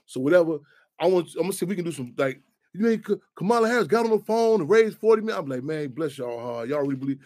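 A man's voice: high-pitched, animated, racing, darkish tone, a little hiss or hum. A man hosting a radio talk show, speaking in loose, profane street talk full of restarts.

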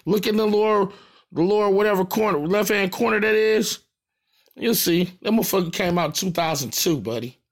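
A man's voice: high voice, brisk. A man from St. Louis with a St. Louis accent, a rapper talking to his fans in a boastful, profane, emphatic monologue. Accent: St. Louis American. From St. Louis, USA.

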